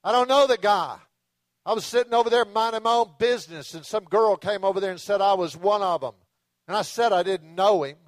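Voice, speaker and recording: A man's voice: high voice, a little fast, no room sound, clean studio sound, lightly acted. A man preaching acts out a hot-tempered grown man who is cornered, denying everything with blustering, indignant threats. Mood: angry, defensive.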